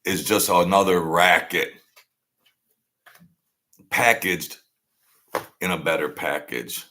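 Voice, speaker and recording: A man with a deep, low voice rants sarcastically as a show host. He talks slowly and heaps mockery on the people he discusses. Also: sharp tone. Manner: sarcastic, mocking. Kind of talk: ranting commentary.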